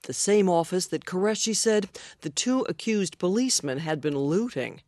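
A woman reporter narrating a radio news story in a measured voice. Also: lowish voice, lively intonation, a little mellow, no echo, studio quality.

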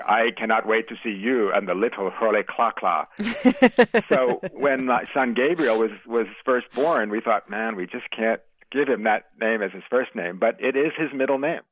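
A man's voice: fairly low pitch, no echo. An American man, an author and former magazine editor, answering interview questions in a reflective, storytelling way. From United States. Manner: reflective, storytelling, with small laughs and restarts. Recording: tinny phone-line sound.

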